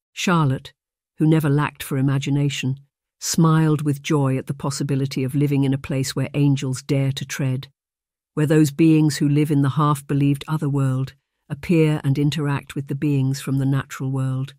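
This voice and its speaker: An audiobook narrator reading a historical romance in a steady, measured storytelling manner. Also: medium pitch, dry recording, clean studio sound.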